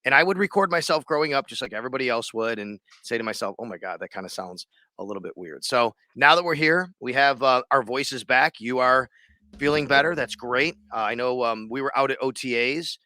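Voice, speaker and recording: A man co-hosting a sports podcast, chatting in a loose, rambling way. His voice is bright and forward, at an ordinary pitch. The sound is dry and close. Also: fairly quick, dry recording. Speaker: sports radio and podcast host. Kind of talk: casual sports podcast chat.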